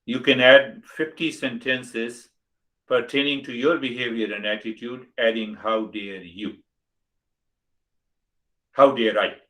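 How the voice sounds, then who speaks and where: A man's voice: mid-range voice, fairly even intonation, takes it slowly, long pauses, bright, forceful tone, poor audio. A man in his sixties with an Indian English accent, giving a spiritual talk as a teacher, repeating rhetorical questions with emphasis. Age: 60s.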